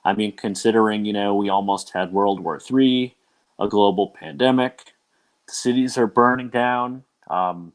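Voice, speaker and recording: Young man, very deep voice, podcast host, loose rambling chat. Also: unhurried. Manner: loose and rambling, many ums and uhs. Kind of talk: casual livestream podcast chat.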